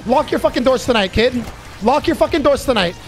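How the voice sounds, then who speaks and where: A man doing live gameplay commentary, cursing and excitedly trash-talking his teammates. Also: very high-pitched, brisk, faint music behind. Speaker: gaming YouTuber.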